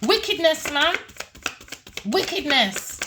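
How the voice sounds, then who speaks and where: A woman's voice: high-pitched, very animated, takes it slowly, background noise. Heated cursing woman tarot reader. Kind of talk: ranting tarot reading.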